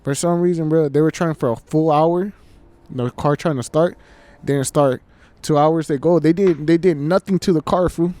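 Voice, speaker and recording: Slangy, swearing young guy with a dark voice. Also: a little high, moderate pace. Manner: slangy, swears a lot, says "fool" constantly. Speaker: podcast co-host. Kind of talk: casual chat, storytelling. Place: outdoors at night. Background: faint train.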